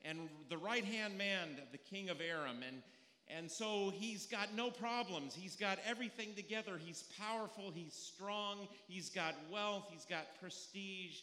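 A man preaching in an easy, storytelling way, asking his congregation questions as he goes. His voice sits high and rings bright. The sound carries a long, echoing church reverb. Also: measured pace. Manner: conversational storytelling, rhetorical questions. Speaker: pastor. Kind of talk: sermon. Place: church sanctuary. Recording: echoey hall with long reverb.

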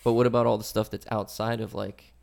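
A man hosting a casual podcast, explaining an idea step by step with halting restarts. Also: fairly low pitch, flat delivery, vocal fry, a little mellow. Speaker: podcast host. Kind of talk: casual chat.

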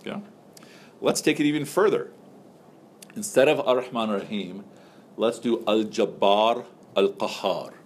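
A man's voice: fairly low pitch, unhurried, pauses often, a little mellow, slight background noise. A man teaching a religious text class in a loose, joking, conversational way, asking his students questions.

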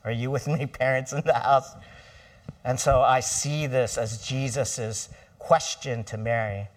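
A man's voice: mid-range voice, fairly even intonation, a little slow, far from the mic. A middle-aged man preaching a sermon in a church, conversational and asking the congregation for responses. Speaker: pastor.

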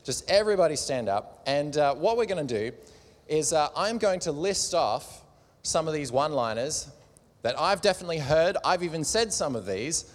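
A man's voice: a little high, lively intonation, normal speed. A man preaching casually to a live audience in a large room, joking as he goes, with a slight cough. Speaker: preacher at a church gathering. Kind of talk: sermon with audience participation. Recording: long hall reverb.

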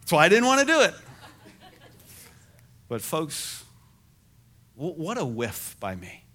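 A middle-aged man preaching a sermon as pastor, telling stories in an animated, self-deprecating way. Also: a little high, slow.

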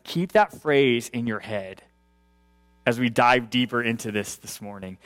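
A pastor with a fairly bright mid-range voice delivers a conversational sermon at a measured pace. He keeps it casual, checking in with listeners through "okay" and "right," and he often restarts phrases and repeats words.

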